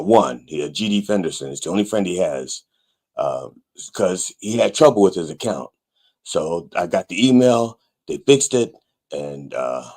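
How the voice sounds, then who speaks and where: A man hosting a comic sermon show, rambling with wry, deadpan asides. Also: low-pitched, husky. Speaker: pastor and show host.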